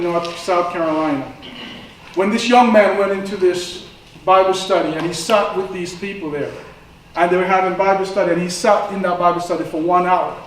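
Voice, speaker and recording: A man's voice: sits high, a little hiss or hum. Man, preacher, sermon, storytelling, impassioned, faint room ambience, very echoey sanctuary. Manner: conversational storytelling, rising to impassioned. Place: church sanctuary. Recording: echoey church room from far off.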